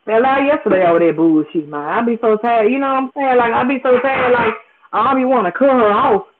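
Here's a Memphis, Tennessee podcast host with a drawl, speaking at a fairly quick clip in a medium pitch. The sound is thin, like a phone call, and the talk is a casual storytelling rant, profane, emphatic and full of repetition.

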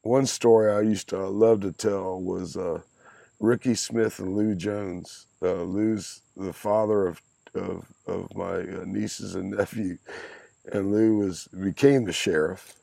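A man in his sixties, the host's father, appears as a podcast guest and tells rambling anecdotes in casual conversation, laughing often and using crude language. He speaks slowly in a low, creaky, mellow voice with fairly even intonation. The recording is dry.

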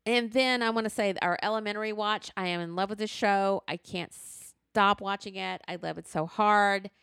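A woman's voice: medium pitch, moderate pace, creaky, clean tone, dry recording, studio quality. A woman co-hosting a podcast in casual chat, talking frankly and animatedly about what she is watching. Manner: animated, frank, uses y'all and slang. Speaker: podcast co-host. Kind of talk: casual chat, recommending shows.

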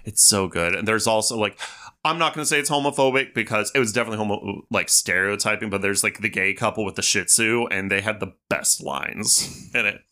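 A man's voice: fairly low pitch, brisk, bright, forceful tone. A man hosting a podcast, chatting casually about a movie in a rambling, enthusiastic way with many fillers. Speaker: podcast host.

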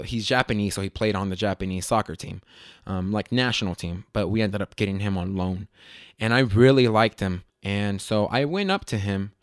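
A man's voice: no echo, studio quality. Chatty man rambling through stories. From Las Vegas. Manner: rambling, self-correcting, animated with quick jumps in pitch. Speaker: podcast host. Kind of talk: casual solo podcast storytelling.

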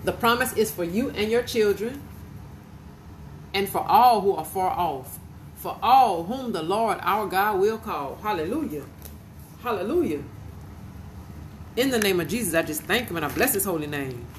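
A woman's voice: mid-range voice, expressive, moderate pace, pauses often, slight background noise, poor audio. A woman preaching an informal podcast sermon, fervent and emotional, repeating her praise.

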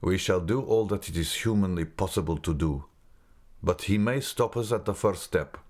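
A man voicing a grave, secretive older male guide who speaks slowly and mournfully. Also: sits low, darkish tone. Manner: slow, measured, mournful.

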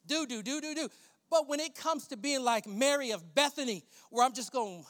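A male pastor preaching a sermon, swinging between loud emphatic preaching and hushed, prayerful murmurs. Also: very high-pitched, a little fast. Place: church sanctuary. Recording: long church hall reverb.

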